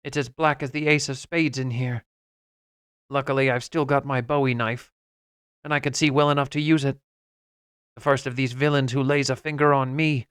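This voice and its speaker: Male reader doing a fiery, blustering sailor, a rough harpooner's timbre, crisp and dry. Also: medium pitch, steady tone, normal speed, fairly bright tone, dry recording, lightly acted. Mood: defiant. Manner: blustering, angry outbursts. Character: hot-tempered burly male harpooner.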